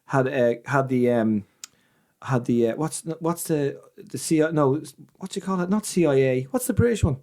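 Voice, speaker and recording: An Irish man, a comedian, telling anecdotes in a casual chat, animated and swearing freely. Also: mid-range voice, moderate pace. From Ireland. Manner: animated storyteller, swears freely, acts out voices in his anecdotes. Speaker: comedian guest.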